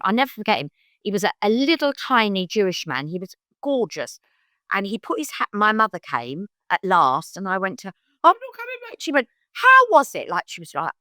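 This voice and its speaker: A woman's voice: dry recording, clean studio sound. An older woman with a London accent, a psychic guest telling stories in a casual chat, acting out other people's voices as she goes. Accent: London English. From London, England. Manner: animated, acts out quoted voices in bursts of high pitch. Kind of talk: conversational storytelling.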